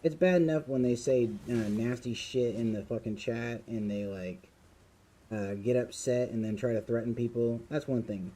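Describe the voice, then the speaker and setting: A man streaming a game who angrily swears at and scolds his chat, then vents in a fast rant. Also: dark tone, poor audio. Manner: muttering, drops to low volume while filing a report. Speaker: gaming streamer. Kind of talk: live-stream chat reaction.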